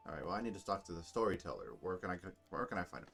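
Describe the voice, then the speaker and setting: Deep-voiced man narrating a game. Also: sing-song, racing, creaky, few pauses, a bit bright, soft background music. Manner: rambling, with fillers and self-corrections. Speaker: gamer playing and narrating. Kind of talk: casual gameplay commentary and reading aloud.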